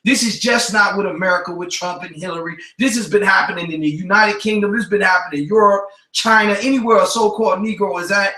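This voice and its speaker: A high, bright-voiced man hosts a talk radio show, preaching with force and hammering each point with repetition. He mixes street slang with scripture. He sounds a little off the mic, in an echoey room. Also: fast talker, hardly any pauses, far from the mic.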